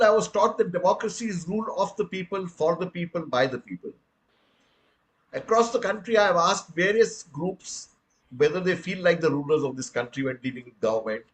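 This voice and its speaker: A man's voice: on the high side, rough recording. An older man from India with an Indian English accent gives an earnest public lecture full of rhetorical questions and addresses his listeners as friends. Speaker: guest speaker.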